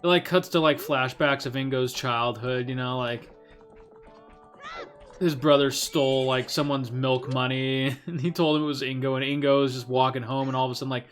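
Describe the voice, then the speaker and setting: A man's voice: mid-range voice, fairly even intonation, moderate pace, fairly bright tone, soft background music. A man co-hosting a game let's play, rambling through an invented story with lots of laughter and "like". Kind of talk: casual gaming commentary.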